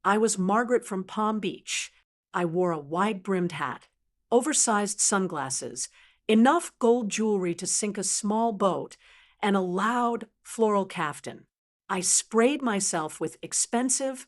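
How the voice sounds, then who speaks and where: A woman narrating a first-person story in a measured, dramatic storytelling manner, voicing its characters and their quoted lines as she goes. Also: medium pitch.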